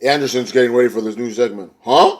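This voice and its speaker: A young man casually recaps a wrestling show in a medium-pitched voice at a moderate pace. He rambles in slang, sometimes imitating the wrestlers as he retells it.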